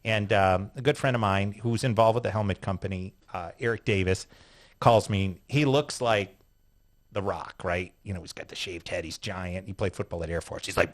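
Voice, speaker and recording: A man's voice: low-pitched, normal speed. A man, a retired sports car driver, telling a story as a guest in a casual interview, swearing freely and acting out what people said. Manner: profane, animated storyteller acting out quotes.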